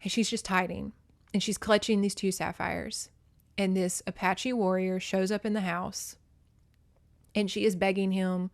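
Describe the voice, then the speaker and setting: Woman, podcast host, casual book recap, cusses freely, emotionally invested, mid pitch. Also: level tone, normal speed, gravelly. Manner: profane, emotionally invested storytelling.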